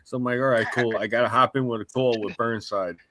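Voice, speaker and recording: Bright voiced guy in his 40s, a bit drunk, cussing while he tells a story. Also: mid-range voice, fairly even intonation, fast, a little hiss or hum. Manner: swearing streetwise storyteller, tipsy from drinks. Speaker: guest on a live stream. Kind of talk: casual chat.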